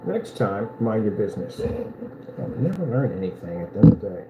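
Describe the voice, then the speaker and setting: A man selling projector screens in a boastful, taunting vlog rant, telling animated stories with big swings in pitch. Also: fairly quick, heavy background noise. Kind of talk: ranting promotional vlog.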